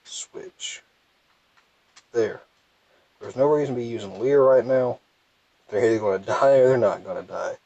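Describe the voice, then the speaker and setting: A man's voice: medium pitch, a little slow, pauses often, dark tone, muffled recording. A young man with a thick Southern US accent, rambling and self-deprecating as he comments casually on his gameplay. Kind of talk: casual let's play commentary.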